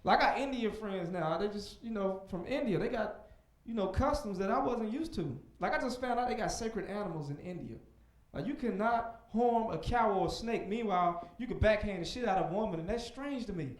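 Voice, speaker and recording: A young man doing a stand-up comedy set on a club stage, animated, breaking into loud shouted voices for punchlines. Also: high voice, fairly quick, roomy sound.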